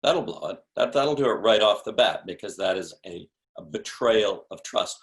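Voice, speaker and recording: A man's voice: lowish voice, expressive, normal speed, few pauses. A man speaking as a sales expert guest in a podcast interview, explaining in an emphatic, punchy coaching tone with rhetorical questions.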